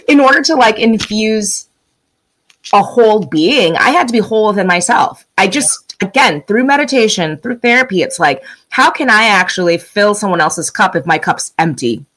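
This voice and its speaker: A middle-aged woman chatting casually as a podcast guest. She tells stories with energy and jumps into playful voices for the people she quotes. Her voice sits at a middle pitch. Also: low-quality recording. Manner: animated storyteller, acts out quoted lines. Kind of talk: casual chat.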